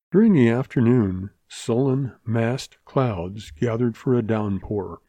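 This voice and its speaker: A man narrating a Western novel as an audiobook, in a steady, measured storytelling manner. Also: mid-range voice, dry recording.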